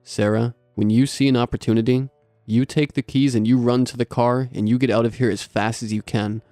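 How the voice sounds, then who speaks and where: A man's voice: medium pitch, steady tone, fairly quick, warm tone, dry recording, faint music behind, close to an everyday voice. A man voicing a resolute, protective mother who gives firm, urgent instructions.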